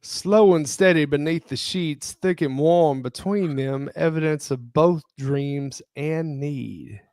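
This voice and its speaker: A man hosting a podcast, reading a spicy romance story aloud in a deliberate way and breaking off to joke. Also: on the high side, a little mellow, dry recording. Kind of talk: reading spicy fiction aloud with joking asides.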